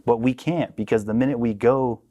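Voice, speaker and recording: A man as a podcast guest, telling a personal story in a casual way. He acts out the people he quotes with animated voices. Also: mid-range voice, fairly quick, lo-fi sound. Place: podcast studio.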